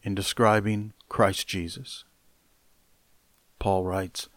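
A male pastor preaches slowly and deliberately, pressing hard on key words with animated emphasis. His voice is low. The sound is dry and close, with no echo or room around it.

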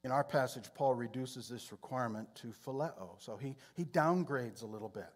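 Man teaching a sermon, measured. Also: medium pitch. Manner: measured teaching delivery with frequent throat-clearing. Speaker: Bible teacher.

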